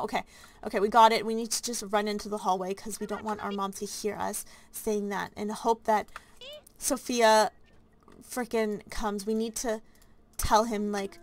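A woman's voice: medium pitch, flat delivery, unhurried, a little hiss or hum. A woman narrating a life-simulation game in a chatty, anxious way, full of fillers. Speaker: let's play host.

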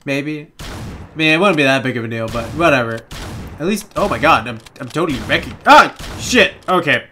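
A young man giving casual let's play commentary, excitable and giggly, with panicky outbursts and a lot of swearing. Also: mid-range voice, normal speed, a little hiss or hum. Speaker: gaming channel host.

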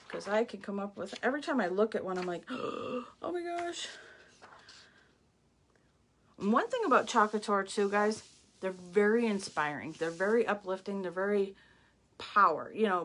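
Medium in pitch with a fairly bright tone, a middle-aged woman walks viewers through craft products live and informally, gushing and exclaiming throughout.

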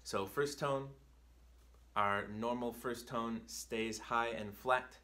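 A man's voice: medium pitch, steady tone, slow pace, bright, forceful tone, slight background noise. A man teaching a video language lesson, explaining patiently and checking in with "right?" as he goes. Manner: reads drill words in a raised, careful voice. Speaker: Chinese teacher.

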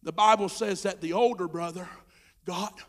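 A male pastor preaching a sermon with passion, dropping to a hush and then rising to shouts, in folksy Southern speech. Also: high voice, fairly even intonation, normal speed. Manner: impassioned preaching, swinging from hushed to shouting. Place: church sanctuary.

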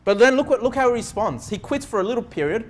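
A man's voice: very high-pitched, animated, fast. A male pastor preaching a sermon in an earnest way, often checking in with the congregation by asking "okay?".

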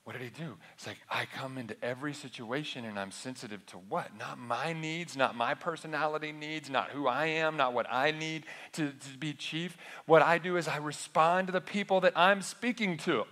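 A man's voice: on the high side, normal speed, hardly any pauses, a bit bright. A man preaching a sermon as pastor, conversational, often asking the congregation rhetorical questions. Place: church sanctuary. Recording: long echo of a church hall.

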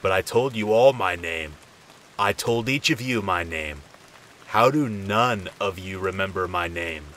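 A creepy young stranger speaks quietly and evenly, with no slur at all, as a man puts him on while telling a story. The voice sits very low in pitch. Faint rain patters behind him. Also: measured pace, slight background noise. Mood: hurt, manic. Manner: calm, quiet, unsettling. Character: creepy sober stranger feigning drunkenness, calm and menacing.

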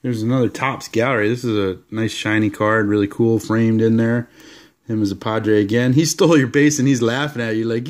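A man casually showing off his collection of sports cards, rambling along with relaxed, enthusiastic asides. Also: fairly low pitch, fairly quick. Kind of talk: casual card-showing vlog.

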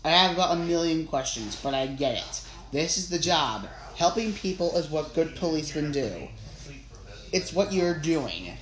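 A narrator doing a brisk, level-headed wife. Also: mid-range voice, big pitch swings, close to an everyday voice. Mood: incredulous. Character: calm practical wife, a vet. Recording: roomy with faint ambience.

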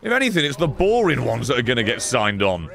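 A man's voice: medium pitch, sing-song, fast, creaky, a bit bright. A man streaming a game live, commenting sarcastically, talking back to the characters on screen and swearing often.

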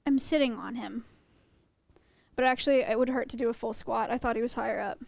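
A woman's voice: a little high, fairly quick, vocal fry, darkish tone, dry recording. A young woman teaching her stream chat about animals in a playful, joking way, often laughing. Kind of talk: casual livestream lesson.

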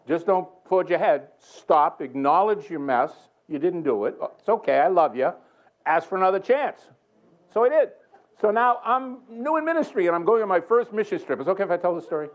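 A guest preacher in a church sanctuary tells a story during his sermon, chuckling often and poking fun at himself. His voice is on the high side, and the recording sounds muffled.

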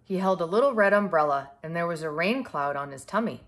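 A woman's voice: fairly low pitch, a little fast. Woman reading a picture book aloud. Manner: clear, expressive storytelling. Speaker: storybook reader.

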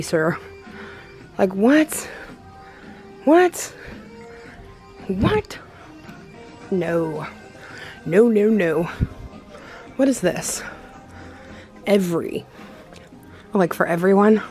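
Casting: mujer joven, tono de charla de vlog, burbujeante y risueña, con música de fondo. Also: female voice, mid-range voice, mellow. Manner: bubbly, giggly, says "like" often. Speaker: vlogger. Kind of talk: casual vlog chat.

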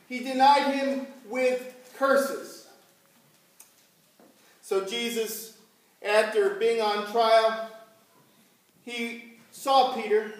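Slow-talking pastor in a roomy church. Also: male voice, very high voice. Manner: slow, unhurried storytelling with questions to the congregation. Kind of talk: sermon. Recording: echoey church from far off.

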